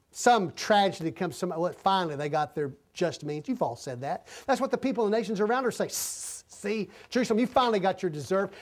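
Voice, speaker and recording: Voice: mid-range voice, darkish tone. Earnest preacher teaching from scripture. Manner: earnest, reads scripture passages aloud; halting, with restarts and self-corrections. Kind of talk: sermon, Bible teaching.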